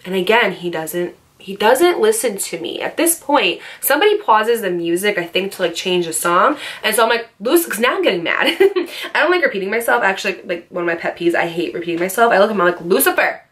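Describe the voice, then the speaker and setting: A woman vlogger telling a personal story in a chatty, animated way, with lots of fillers and asides. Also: mid-range voice, brisk. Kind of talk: storytime vlog.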